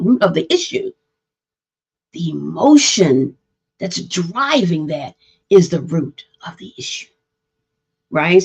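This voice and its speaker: A woman's voice: fairly low pitch, husky. A woman hosting a live talk on mental health, explaining to parents and often checking in with "right?". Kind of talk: live-streamed teaching talk. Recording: dull lo-fi stream audio.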